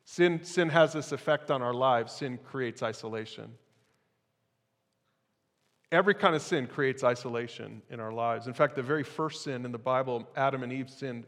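A man's voice: medium pitch, normal speed, a bit bright, big-room sound. A man preaching a sermon as pastor, in a conversational style with casual asides to the congregation.

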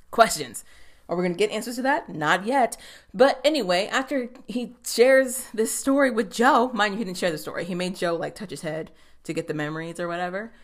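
Animated young woman recapping a show. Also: lowish voice. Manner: animated, swears freely, slips into quick voices for characters. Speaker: TV episode recapper. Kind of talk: casual episode recap.

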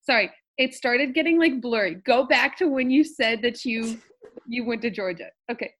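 A woman's voice: a little high, moderate pace, a bit bright. Upbeat laughing woman host. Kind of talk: casual chat.

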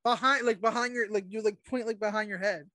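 Bright, quiet co-host chiming in. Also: male voice, high-pitched, fairly even intonation, quick pace. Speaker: podcast co-host.

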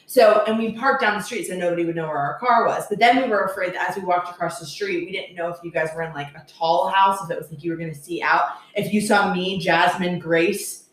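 A young woman telling a story in casual chat, animated and laughing often, with lots of "like"s. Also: lowish voice, brisk, few pauses. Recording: very echoey room.

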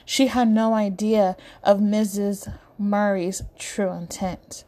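Female audiobook narrator, mellow and steady. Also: mid-range voice, slow pace. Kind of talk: storybook narration.

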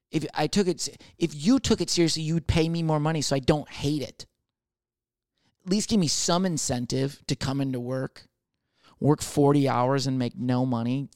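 In a loose, rambling monologue, a young comedian swears frequently and jumps into brief voices of other people. His voice is mid-range and a little mellow, captured with clean studio sound and no room echo.

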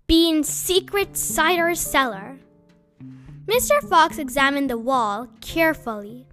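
A woman reading a children's story aloud as a storyteller, slow and expressive. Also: high-pitched.

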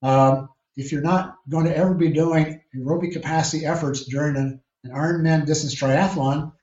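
A man, a triathlon coach, answering interview questions in a measured, explanatory way with frequent restarts. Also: fairly high pitch, fairly even intonation, a little mellow. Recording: echoey distant lo-fi call.

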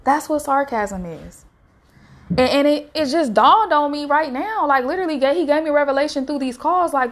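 A woman's voice: high voice, expressive, normal speed. A woman giving a casual devotional talk, earnest and exhorting like a preacher. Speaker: faith vlogger sharing a devotional message.

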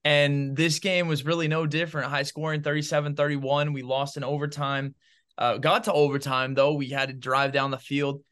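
This sports podcast co-host has a clean, slightly high voice and a moderate pace, and he chats casually but with animation, voicing firm football opinions laced with fillers like "bro" and "man."

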